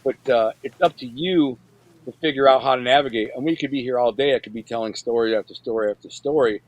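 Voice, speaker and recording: A man's voice: mid-range voice, fast. A middle-aged man from Michigan, a podcast guest, telling a story in casual, slangy speech and acting out what people said. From Michigan, United States. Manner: slangy, retells scenes by acting out quoted dialogue.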